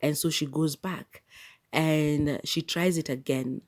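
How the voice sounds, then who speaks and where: A woman hosting a podcast, retelling a movie plot in a chatty, animated way. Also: sits low, slow. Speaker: podcast host. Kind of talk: casual movie review.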